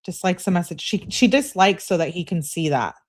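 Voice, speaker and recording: A true crime live streamer, a woman with a fairly quick pace and lively intonation, reads text messages aloud in a raised, heated voice. Between them she drops into dry, lower asides, commenting and talking back to her chat.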